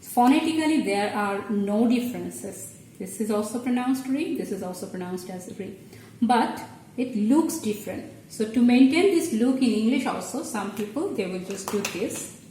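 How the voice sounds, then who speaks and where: Lady teaching letters, patient step by step, kinda high voice, far off the mic in a real echoey room. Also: animated, dark tone, slight background noise. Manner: patient, explains step by step, halting restarts. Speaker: Bengali language teacher. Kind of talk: explaining at a board.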